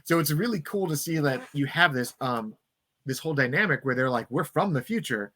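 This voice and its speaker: This man's voice sits on the high side, expressive and bright with a forceful tone, recorded with no room sound. Hosting a casual podcast, he enthusiastically recaps a film's story and briefly acts out lines in quick character voices.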